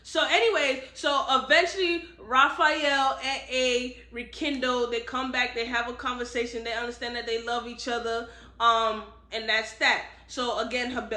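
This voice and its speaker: A young woman hosting a casual book review, retelling the plot in a chatty, animated way with slang. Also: on the high side, normal speed.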